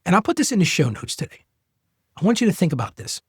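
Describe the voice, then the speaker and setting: A man's voice: high voice, sing-song, quick pace, breathy edge, dry recording, clean studio sound. A middle-aged man hosting a faith-based money advice podcast, earnest and coaching, often repeating phrases for emphasis. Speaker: podcast host.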